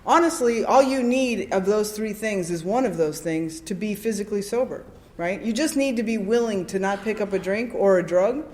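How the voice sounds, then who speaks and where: A woman speaking at a recovery convention, sharing her story with an animated, comic storytelling style and frequent "right?" asides to the audience. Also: a little high, roomy sound. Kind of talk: personal recovery share before a live audience. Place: convention hall with a live audience.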